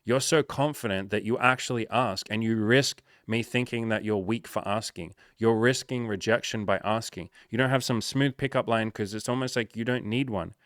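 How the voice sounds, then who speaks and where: A man's voice: lowish voice, moderate pace, hardly any pauses, fairly bright tone, dry recording, clean studio sound. A man working as a dating coach, giving casual, frank advice with energy and plenty of swearing.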